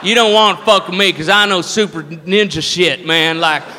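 A comedian playing a drunk, boastful redneck bar brawler who makes swaggering threats, in a stand-up bit. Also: male voice, sits high, steady tone, normal speed, bright, forceful tone. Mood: blustering. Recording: live hall reverb with faint noise.

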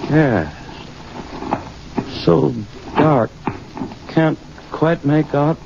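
A haunted, guilt-ridden scientist in an old radio drama, speaking slowly and tensely. The recording is dull and muffled, with a steady hiss underneath. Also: male voice, a little high, vocal fry, heavily acted. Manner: tense, breathless, rising to anguished shouting. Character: haunted middle-aged male gardener-scientist, guilt-ridden. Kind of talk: 1950s radio drama acting.

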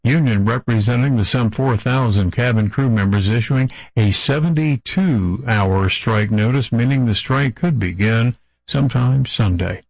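A man's voice: medium pitch, measured pace, no room sound, low-quality recording. Man reading radio news, dry sound. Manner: crisp, even news-reading delivery. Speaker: news anchor. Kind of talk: radio newscast.

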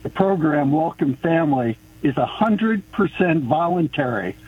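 A man's voice: fairly high pitch, expressive, a little slow. A male caller to a radio show, insistent and indignant, repeating his points. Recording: tinny phone line with faint hiss.

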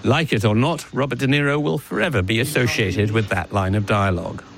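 A man delivering a measured, clearly narrated broadcast news report. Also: on the low side, fairly bright tone.

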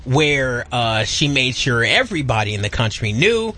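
Male co-host, animated riffer with big vocal swings, bright tone, faint ambience. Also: mid-range voice, moderate pace, slight background noise. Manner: animated riffing, exaggerated quoted outbursts. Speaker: radio co-host. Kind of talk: casual radio chat.

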